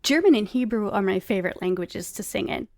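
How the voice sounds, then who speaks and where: A woman's voice: mid-range voice, animated, fairly quick, vocal fry. A woman singer guesting on a podcast, chatting casually with lots of swearing and filler words. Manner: profane, enthusiastic, full of fillers. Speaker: singer and performer.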